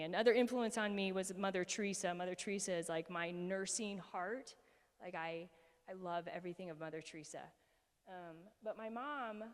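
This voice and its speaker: Earnest, emotional woman in a reverberant hall. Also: mid-range voice. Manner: earnest, emotional, many fillers and restarts. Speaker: speaker presenting to a group. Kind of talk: personal talk with slides.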